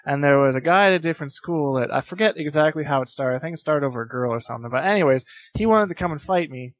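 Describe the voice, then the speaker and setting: This competitive gamer, a young man in his late teens, talks fast with a fairly high pitch and lively intonation, no echo. As a casual interview guest, he tells rambling stories, restarts and uses fillers often, and laughs between phrases.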